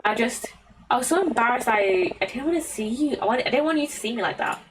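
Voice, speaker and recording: A British woman voicing an anxious, guilt-ridden young woman in a video game, reading softly and hesitantly. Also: on the high side, lively intonation, quick pace, far from the mic, background noise, natural voice. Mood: guilty, anxious.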